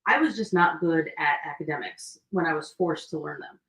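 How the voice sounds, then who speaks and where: A woman co-hosting a podcast, easygoing and quick to react with a joke. Her voice sits a little low, and the recording has a roomy echo around it. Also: fairly bright tone. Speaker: podcast co-host. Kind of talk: casual chat.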